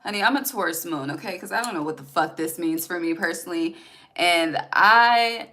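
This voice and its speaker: A chatty woman giving a casual tarot reading, talking straight to her viewers with emphatic asides and loose swearing. Her voice sits fairly low but sounds bright and forceful. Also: fast talker, poor audio. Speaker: tarot reader.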